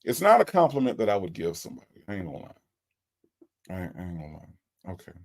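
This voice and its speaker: A man hosts a live stream, reacting to a recorded call and talking straight to his chat. His gravelly voice swings widely in pitch as he repeats his questions in disbelief. He chats loosely and casually with his viewers. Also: sing-song, fast, a little mellow. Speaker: livestream host reviewing a recorded call.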